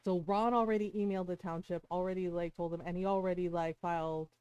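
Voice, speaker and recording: A woman's voice: lowish voice, steady tone, fast, darkish tone, clear, resonant tone, no room sound, highs cut off. A woman streamer chatting casually at home, rambling and swearing, with frequent fillers and tag questions. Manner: rambling, profane, with frequent "like" and "right?". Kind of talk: casual chat.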